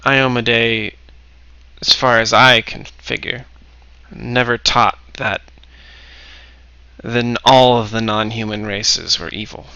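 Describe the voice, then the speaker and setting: A man's voice: medium pitch, fairly even intonation, bright, forceful tone, clear, resonant tone, no echo, highs cut off. A man playing a serious, formal halfling monster slayer in a tabletop game. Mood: grave. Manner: formal, measured, somber.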